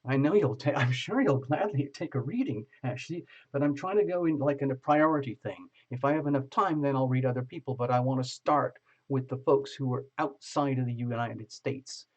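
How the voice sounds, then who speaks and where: Man, livestream host, chatty, jokes with viewers, husky voice, muffled audio. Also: medium pitch, normal speed, few pauses, a little mellow. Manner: chatty and joking, greets viewers by name. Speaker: tarot reader hosting a live stream. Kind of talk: live stream chat, reading viewer comments.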